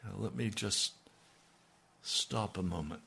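A man's voice: lowish voice, takes it slowly, gravelly, sharp tone, breathy edge. A man preaching, retelling a scripture story in a folksy way with conversational asides to his listeners. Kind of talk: storytelling sermon.

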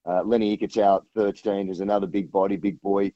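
A man's voice: lowish voice, flat delivery, a little fast, mellow, dry recording, lo-fi sound. A man talking rugby as a guest on a sports radio show, rambling with many restarts. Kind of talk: casual radio chat.

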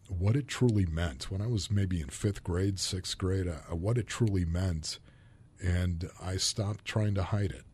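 A man's voice: sits low, darkish tone, husky. A man from Buffalo, New York, a former football player, telling personal stories as a podcast guest in an earnest and openly emotional way. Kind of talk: candid personal storytelling.

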